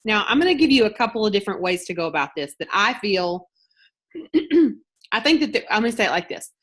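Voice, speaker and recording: A woman's voice: mid-range voice, sing-song, quick pace, fairly bright tone. A woman who hosts a sales team's video call and talks in a loose, storytelling way, full of restarts and filler words. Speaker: team leader hosting a sales call. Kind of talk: casual talk on a group video call.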